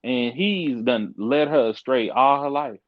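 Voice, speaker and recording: A man's voice: mid-range voice, no room sound, phone-quality sound. Emphatic young man telling a story. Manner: frank, emphatic, fast restarts. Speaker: podcast guest, court caseworker. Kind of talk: animated casual storytelling.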